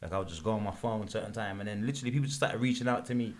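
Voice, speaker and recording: A young man, a podcast guest telling a lively story in casual chat. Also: on the low side, rapid-fire. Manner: animated storytelling, quotes himself, lots of "you know what I'm saying".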